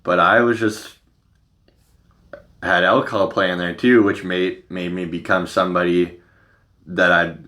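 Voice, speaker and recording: A man's voice: low voice, flat delivery, unhurried, long pauses, pushed and bright. A man hosting a podcast in casual chat, rambling with lots of "like" and swearing freely. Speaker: podcast host.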